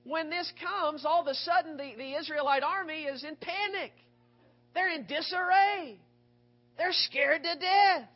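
A male preacher giving a sermon, retelling scripture with rhetorical questions and expressive storytelling. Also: very high-pitched, measured pace, soft background music. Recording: dull lo-fi recording.

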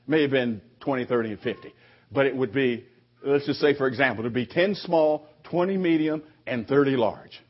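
A man preaching a sermon to his congregation, conversational, with frequent restarts and lively quoted voices. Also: medium pitch, slightly rough. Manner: conversational preaching with repeated restarts, animated quoting. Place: church sanctuary. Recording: dull lo-fi recording.

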